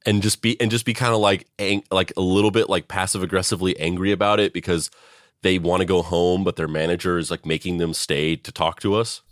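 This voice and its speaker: A man's voice: sits low, steady tone, a little fast, no echo, studio quality. A man co-hosting a podcast, rambling casually with restarts and swearing. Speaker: podcast co-host. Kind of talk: casual comedic chat.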